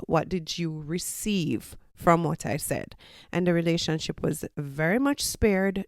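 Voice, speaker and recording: Jamaican woman with a low gravelly voice. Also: a little mellow, no echo, clean studio sound. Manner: explanatory, teacherly, with personal anecdotes. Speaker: podcast host and college lecturer. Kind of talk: casual advice talk.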